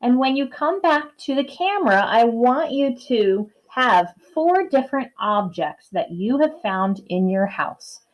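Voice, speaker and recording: Slow, sing-song kindergarten teacher woman. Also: on the high side, lively intonation, lo-fi sound. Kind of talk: video lesson for young children.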